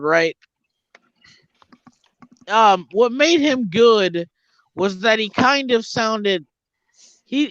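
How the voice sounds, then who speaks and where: A man's voice: sits high, a bit bright, no echo. Rambling young man, dull dry mic. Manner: rambling, many restarts and fillers. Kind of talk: casual chat.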